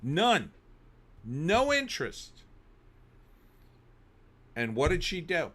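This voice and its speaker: A middle-aged man, hosting a livestream and telling animated stories between reading chat comments, sometimes bursting into shouting. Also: on the high side, extremely slow. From New Jersey. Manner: animated storyteller, bursts into shouting when riled. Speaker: host.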